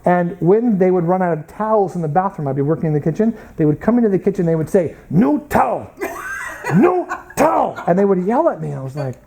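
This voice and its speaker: A man's voice: high voice, animated, fast talker, hardly any pauses, warm tone, poor audio. An American man teaching a Bible college class, lecturing through stories and acting out the people in them. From United States. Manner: storytelling, acts out quoted people.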